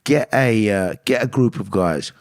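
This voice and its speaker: A man telling personal stories in an interview, animated and acting out the voices of people he quotes, with frequent restarts. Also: on the low side, unhurried. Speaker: actor and guest. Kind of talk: candid interview storytelling.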